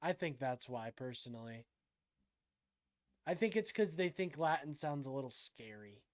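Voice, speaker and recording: A man's voice: medium pitch, lively intonation, normal speed. A man hosting a live stream, reacting to a clip with incredulous, mocking remarks and thinking aloud. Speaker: livestream host.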